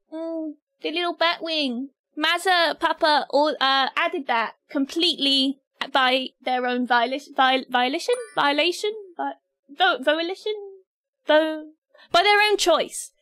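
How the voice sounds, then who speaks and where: British girl streamer, nervous and giggly, slow talker, dry close mic. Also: high voice, fairly bright tone, dry recording. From Britain. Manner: giggly and nervous, talking to chat. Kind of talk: casual livestream chat.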